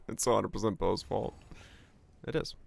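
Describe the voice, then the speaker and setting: Gravelly, low-voiced man streaming a game. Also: big pitch swings, a little slow, a little mellow, no room sound. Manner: laid-back, joking, sarcastic, laughs often. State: sleepy, yawning. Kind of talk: casual live-stream chat while gaming.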